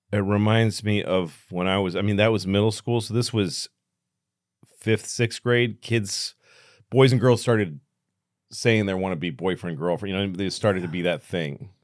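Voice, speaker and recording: Casual low-voiced guy in his 50s, talking blunt and salty about being a kid, dead dry sound. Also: unhurried, no room sound. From United States. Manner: storytelling, blunt and profane. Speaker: podcast guest. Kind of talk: casual chat.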